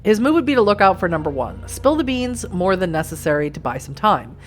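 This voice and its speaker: A woman's voice: mid-range voice, very animated, a little fast, faint music behind, lightly acted. A woman reading aloud the part of a brash, sarcastic young vampire woman who swears freely, in a visual novel game. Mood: frantic scheming. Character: sassy, sharp-tongued young vampire woman, cornered.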